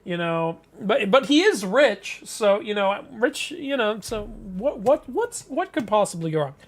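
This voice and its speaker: A man's voice: high voice, very animated, measured pace. A man hosting a live comic reading, chatting casually, joking and laughing often. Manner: chatty, laughs often, jokes about the story. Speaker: host reading a webcomic live. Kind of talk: casual live-stream commentary.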